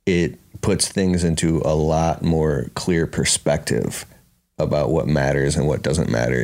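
A man's voice: very deep voice, darkish tone. A man telling a rambling, emotional personal story in casual speech, saying "bro" and "dude". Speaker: speaker at a business conference.

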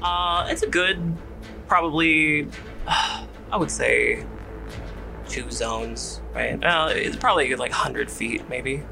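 A man's voice: mid-range voice, takes it slowly, gravelly, music in the background, poor audio. A man narrating as game master of a tabletop game, explaining rules in a hesitant way full of fillers.

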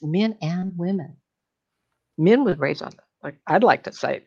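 A woman's voice: deep voice, normal speed, creaky, lo-fi sound. A middle-aged woman, a psychic medium, telling stories in casual chat, laughing often and acting out voices.

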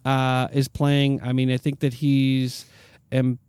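A young adult man hosting a sports chat, reading team news haltingly with many fillers and repeated words. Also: mid-range voice, monotone, darkish tone, clear, resonant tone, dry recording.

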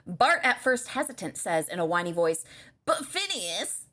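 Animated woman reading fan fiction. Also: fairly low pitch, normal speed. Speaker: podcast co-host. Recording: livestream with faint noise.

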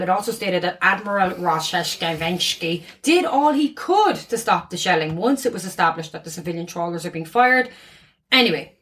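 Chatty woman telling a story. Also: fairly low pitch. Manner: chatty, giggly, animated storyteller. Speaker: podcast co-host. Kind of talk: casual storytelling chat.

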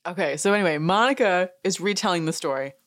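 Low-voiced woman, chatty amused recap. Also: fast talker. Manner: amused, chatty storyteller who laughs and acts out quotes. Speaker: podcast host. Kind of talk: casual recap chat.

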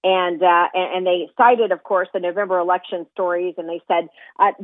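A woman's voice: lowish voice, steady tone, normal speed, no echo. A woman joining a radio show as guest, speaking in an indignant, emphatic way. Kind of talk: phone-in interview. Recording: tinny dry phone line.

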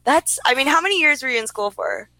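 A woman's voice: high-pitched, animated, quick pace, bright, forceful tone, no room sound. A woman filling in as co-host, talking emphatically and swearing casually. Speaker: guest co-host. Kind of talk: casual chat.

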